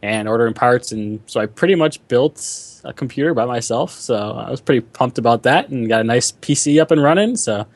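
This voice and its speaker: A man's voice: medium pitch, lively intonation, fairly quick, few pauses, no echo. A man hosting a casual gaming podcast, talking in a rambling, filler-heavy way. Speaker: podcast host. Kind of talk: casual chat.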